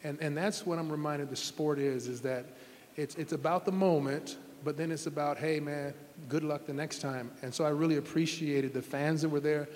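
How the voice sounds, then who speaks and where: A man's voice: on the high side, steady tone, normal speed, a little mellow, big-room sound, slight background noise. A middle-aged man, a former football quarterback, telling heartfelt stories in an interview with earnest, rambling restarts. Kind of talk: interview storytelling.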